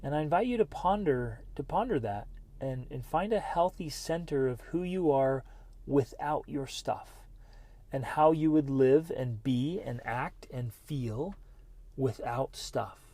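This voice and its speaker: A middle-aged man hosting a motivational podcast, talking earnestly and breaking into bursts of excitement. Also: medium pitch, a little slow, no echo. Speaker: podcast host.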